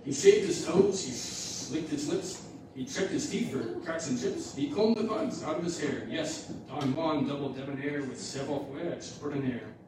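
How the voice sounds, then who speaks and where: A man's voice: a little high, sing-song, moderate pace. Brief: male storyteller, singsong rhyme; far from mic, big reverb, noise. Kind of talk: rhyming storybook narration. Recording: echoey hall from far off.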